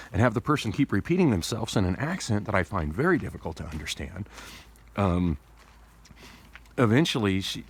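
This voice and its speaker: Here a vlogger with a lowish, sing-song voice talks at a moderate pace, a faint hiss or hum under the phone-camera audio. Despite his aching tooth, he rambles on casually, restarting sentences and drifting into side topics.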